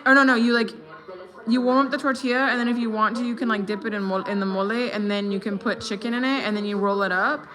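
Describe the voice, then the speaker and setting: A woman in her thirties with an American accent, chatting casually on a live stream, switching between English and Spanish and greeting viewers. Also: on the high side. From United States. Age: 30s. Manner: relaxed, hesitant with fillers while crafting. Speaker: livestreaming vlogger.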